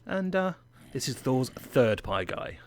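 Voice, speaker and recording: A man's voice: medium pitch, sing-song, slow pace. A man from England with an English accent, giving chatty, playful gameplay commentary with self-mocking asides. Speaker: gaming channel host.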